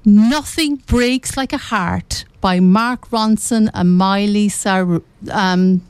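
A woman's voice: medium pitch, takes it slowly, smooth. A woman hosting a local radio show, chatty and correcting herself as she goes.

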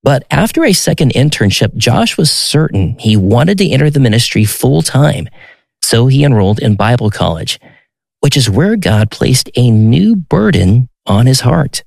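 Gravelly guy doing documentary narration, calm and measured, dry sound. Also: mid-range voice, no echo.

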